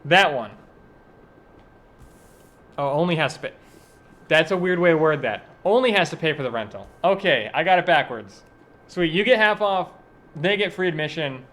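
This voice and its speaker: A man's voice: on the high side, lively intonation, moderate pace, long pauses, a bit bright. A man co-hosting a casual podcast, joking and self-deprecating as he explains a promotion. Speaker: podcast co-host.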